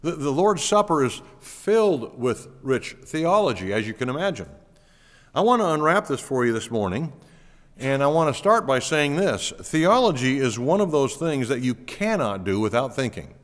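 A male pastor delivers a teaching sermon with earnest emphasis. His pitch swings lively up and down as he stresses key points. The voice carries a long reverb from a large church hall. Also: normal speed.

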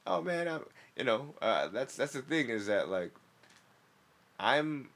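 A stand-up comedian in casual chat, talking loosely with slang and swearing. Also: male voice, medium pitch, sing-song, a little slow, a bit bright.

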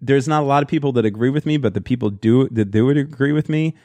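A man's voice: mid-range voice, fast, dry recording. A man hosting a casual chat, telling stories with mock outrage and plenty of swearing, saying he just woke up. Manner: profane, animated storytelling, mock outrage. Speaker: podcast host.

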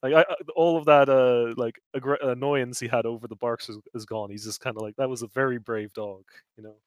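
A man playing a tabletop game, soft-spoken and stumbling over his words. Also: mid-range voice, steady tone, a little fast, dry recording, clean studio sound. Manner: soft-spoken, stammering restarts. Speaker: player.

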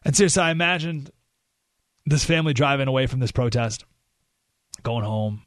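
A man hosting a talk radio show, telling a story in an animated way and jumping his voice up when he acts out what people said. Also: mid-range voice, moderate pace, no room sound, clean studio sound.

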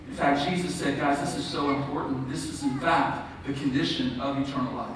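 A man preaching an Easter sermon in church, emphatic and swinging between soaring calls and hushed asides. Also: medium pitch, steady tone, a little fast, few pauses, noisy background. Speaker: pastor. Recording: echoey hall from far off.

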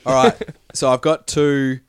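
A man's voice: mid-range voice, level tone, unhurried, smooth, no room sound, clean studio sound. A man with an Australian accent hosting a podcast, easygoing and plainspoken. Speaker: podcast host. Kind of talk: casual chat.

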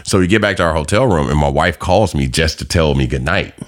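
A man's voice: very deep voice, animated, fairly quick. A man telling loose, profane stories in a casual podcast chat, laughing as he goes. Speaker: podcast guest.

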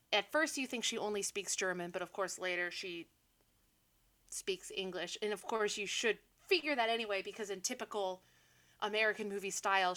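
Bright-voiced chatty young woman podcaster. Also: mid-range voice. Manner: animated, chatty, laughs often, sarcastic asides. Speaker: podcast co-host. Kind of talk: casual movie recap chat.

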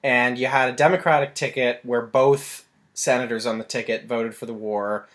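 A man's voice: mid-range voice, steady tone, normal speed, a bit bright. A man co-hosting a podcast, reviewing a film in loose, rambling talk. He leans on fillers as he builds his points, in a mid-range voice. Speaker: podcast co-host. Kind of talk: casual film-review chat.

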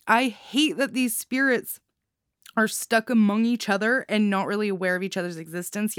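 A woman giving casual spoken reviews of anthology stories, giddy and quick to laugh, sometimes stumbling over her words. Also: medium pitch, no echo, studio quality.

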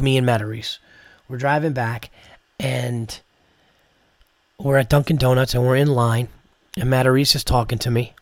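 Hoarse new guy on his podcast, kinda sick sounding, swears a lot, rants and tells stories, dry close mic. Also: no echo. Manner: profane, storytelling, rants with rising pitch. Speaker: comedian podcast host. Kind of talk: casual chat.

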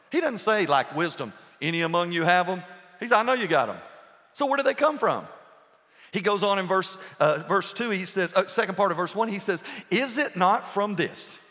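A man preaching a sermon to his church, firing rhetorical questions and swinging between loud and hushed delivery. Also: a little high, big-room sound. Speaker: pastor. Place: church sanctuary.

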